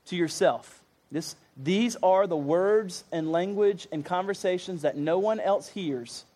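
A man's voice: on the high side, darkish tone. A man preaching a sermon, earnest and conversational, with casual asides to the congregation.

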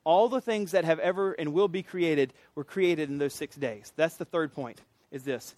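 Casual, high-voiced male preacher. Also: normal speed, darkish tone, no echo. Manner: casual, jokey conversational preaching. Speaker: pastor. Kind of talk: sermon.

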